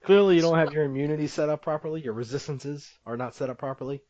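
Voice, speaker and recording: A man's voice: a little high, fast talker, a little mellow, no room sound. A young man co-hosting a podcast in casual chat, teasing his friend and laughing often. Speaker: podcast co-host. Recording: dull lo-fi podcast audio.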